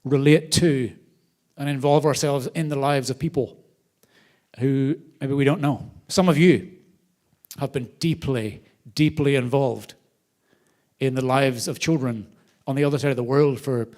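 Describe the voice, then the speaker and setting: A man hosting a charity event, speaking to a live audience from a theater stage in a lively, storytelling way. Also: mid-range voice, a little slow. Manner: animated storyteller, varied loudness. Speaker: charity host.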